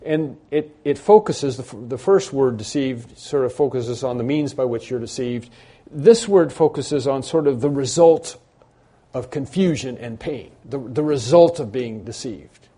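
A pastor preaching an expository sermon in a conversational way, with many fillers and restarts, rising to emphatic bursts on key points. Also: male voice, medium pitch, unhurried, dark tone, husky.

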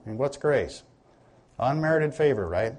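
A man preaching a sermon, talking it through like a teacher and turning questions back on his listeners. His voice is slightly husky, and his pitch swings up and down with a lot of movement. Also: expressive, a little slow, darkish tone.

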